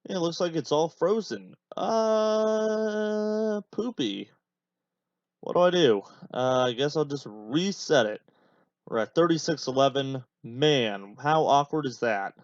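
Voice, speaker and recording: A man's voice: medium pitch, animated, a little slow, no echo, muffled recording. A young man hosting a podcast, rambling casually through a watch-along with lots of filler words. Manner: rambling, many fillers, chatty asides. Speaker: podcast host.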